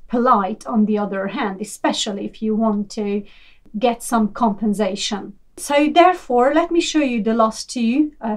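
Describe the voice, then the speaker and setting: A woman from Hungary, a teacher giving a language lesson, modeling example phrases clearly and patiently. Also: a little high, a little mellow. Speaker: English teacher.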